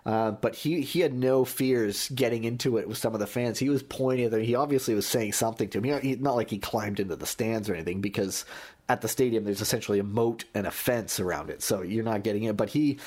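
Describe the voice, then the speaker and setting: Man, deeper voice, sports journalist guest, rambling anecdotes with restarts. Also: quick pace, a little mellow. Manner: anecdotal storytelling, many restarts. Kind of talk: podcast conversation.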